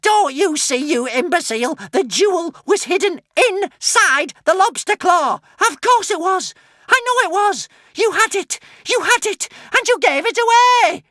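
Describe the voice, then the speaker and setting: A man's voice: big pitch swings, a little slow, hardly any pauses, bright, forceful tone, dry recording, clean studio sound, heavily acted. A man reading an audiobook voicing a vicious old female witch who hisses and shrieks. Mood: shrieking. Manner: hissing, shrill and frantic.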